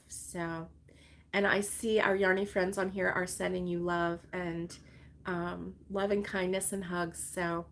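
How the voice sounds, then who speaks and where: A woman hosting a casual crochet livestream from home, rambling and chatting with viewers and laughing often. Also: on the low side. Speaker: crochet channel host. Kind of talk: casual livestream chat reading viewer comments. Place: her home, with dogs around.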